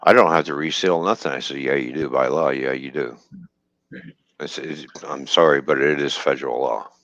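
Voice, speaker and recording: A man's voice: rumbling low, moderate pace, fairly bright tone, no room sound, highs cut off. A man casually telling a story from his trucking work, quoting the people in it, swearing freely and laughing as he goes.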